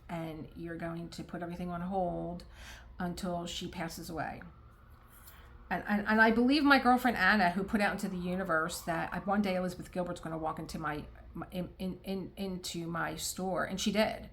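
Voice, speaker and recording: Rambling middle-aged woman, low voice. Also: a bit bright, slight background noise. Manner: rambling, heartfelt, frequent restarts and quoted asides. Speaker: crafting vlogger. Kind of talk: casual talk to camera while diamond painting. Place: home art room.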